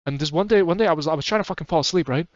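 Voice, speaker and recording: A man's voice: on the high side, rapid-fire, dry recording. A man streaming, chatting casually and rambling with frequent swearing and laughter. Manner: rambling and profane, laughs often. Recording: slightly muffled dry mic.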